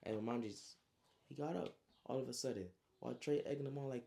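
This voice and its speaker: A man's voice: mid-range voice, quick pace, creaky, warm tone. Slangy young man retelling his story. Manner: slang-heavy, adds spoken sound effects. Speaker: author recapping his story. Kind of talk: casual storytime recap.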